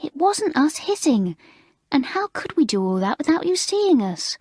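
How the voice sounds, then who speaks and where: A woman voicing a sensible, earnest teenage head girl who speaks reasonably and protests calmly. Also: high voice, normal speed, no room sound, pitched above the performer's own voice.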